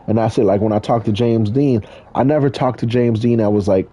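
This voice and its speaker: Blunt, profane man from California, casual storyteller; husky, mellow tone. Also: fairly low pitch, fairly quick. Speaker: drift driver and streamer. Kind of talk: casual storytelling while gaming.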